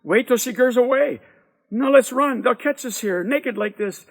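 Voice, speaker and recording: A man's voice: extremely high pitch, moderate pace, pitched above the performer's own voice. A man voicing a bold teenage boy who urges his friends on in a story reading. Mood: urgent.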